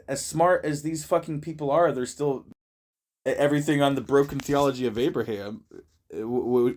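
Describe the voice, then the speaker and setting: A man's voice: mid-range voice, a little mellow. Stammering, swearing man laughing a lot. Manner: stammering, repeats words, swears, laughs often. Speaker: vlogger reacting to a video. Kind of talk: casual profane monologue. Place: friend's shed.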